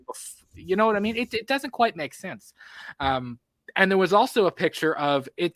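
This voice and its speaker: Bright, dry-voiced man chatting movies. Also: fairly high pitch, dry recording. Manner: animated, filler-heavy, quick asides. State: has the hiccups. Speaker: podcast co-host. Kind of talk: casual movie podcast chat.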